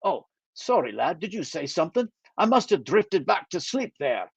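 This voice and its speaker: A man doing a gruff teasing Scotsman. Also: sits high, big pitch swings, normal speed, no room sound, voice pushed up, full character voice. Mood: impatient. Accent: Scottish. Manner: dry, teasing, grumbling. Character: gruff Scottish émigré man, teasing, worldly. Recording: dull dry lo-fi recording.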